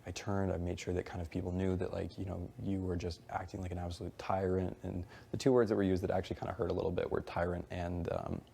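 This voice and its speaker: A man's voice: deep voice, flat delivery, fast, gravelly, few pauses, warm tone, slight background noise. A young man in casual conversation, retelling events in a rambling, heated way, quoting others and swearing often. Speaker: reality show houseguest.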